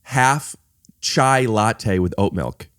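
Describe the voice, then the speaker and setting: Podcast host, male, lowish voice, dry close sound, rambling and self-interrupting. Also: lively intonation, very slow, fairly bright tone, dry recording. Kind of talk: casual chat.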